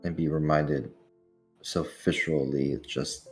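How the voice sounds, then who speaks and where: Hesitant, low-voiced man at the game table. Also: flat delivery, measured pace, soft background music. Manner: hesitant, many fillers, soft-spoken. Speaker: player. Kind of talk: tabletop role-play, describing his character.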